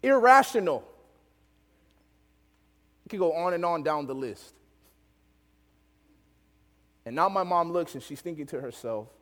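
A young male preacher tells a story in a lively, animated way and laughs often. His voice sits a little high for a man. A long reverb trails behind him, as in a large hall. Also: normal speed, pauses often. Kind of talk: storytelling sermon.

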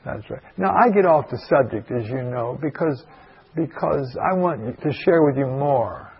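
A man's voice: mid-range voice, expressive, measured pace, husky, lo-fi sound. A man who is a pastor, telling a folksy, rambling story with many asides to an audience in a meeting hall. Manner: rambling, digressive, full of asides.

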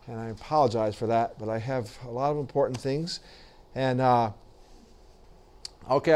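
A man teaching a class who talks haltingly, repeating words and fillers, then reads an article aloud in a classroom. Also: on the high side. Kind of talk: classroom lecture and reading aloud.

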